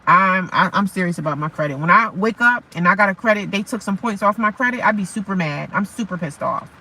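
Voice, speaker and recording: A woman's voice: medium pitch, animated, fairly quick, pushed and bright, poor audio. A woman vlogging casually from her parked car in the rain, chatty and repetitive, calling her viewers honey and baby. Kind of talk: casual chat to camera.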